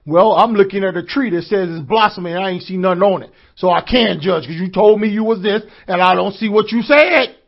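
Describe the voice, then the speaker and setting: A man with a high voice preaches a sermon, calling out to his congregation for answers and building into shouts. The recording is dull and lo-fi. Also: animated, fairly quick, hardly any pauses, breathy edge. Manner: call-and-response preaching, rising to shouts. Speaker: pastor.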